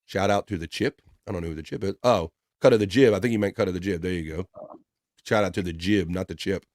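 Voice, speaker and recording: A man's voice: low-pitched, fast, a little mellow, no room sound, studio quality. A man hosting a live stream, chatting casually and reading out viewer comments with upbeat greetings by name.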